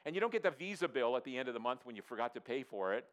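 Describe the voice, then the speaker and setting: A man, a pastor, preaching a sermon in an earnest, repetitive way, dropping his voice low for emphasis and asking the congregation to answer. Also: very animated, racing. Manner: asks the audience to respond.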